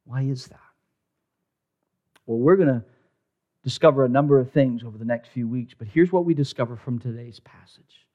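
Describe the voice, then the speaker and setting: A male pastor preaching a sermon, dramatic, swinging from loud emphasis down to a hushed near-whisper. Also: mid-range voice, moderate pace, pauses often, narrow, tinny audio.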